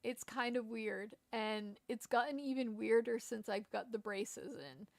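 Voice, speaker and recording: A Rhode Island woman whose accent carries a Southern tinge rambles casually while streaming a game, with a lisp and a self-deprecating streak, restarting her sentences often. Her voice is a little high, a little slow, and creaky, with a darkish tone. The recording is dry and clean, like a studio.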